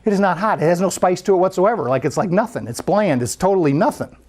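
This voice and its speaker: A speaker at a spiritual center, telling a story during a sermon in a conversational, animated way. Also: medium pitch, fast talker.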